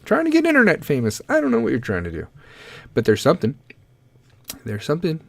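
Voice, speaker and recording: A man's voice: on the high side, huge pitch swings, fast, creaky, a bit bright, no echo. A man hosting a comedy podcast, rambling casually with lots of swearing and pep talk. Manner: profane, rambling, motivational. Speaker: podcast host.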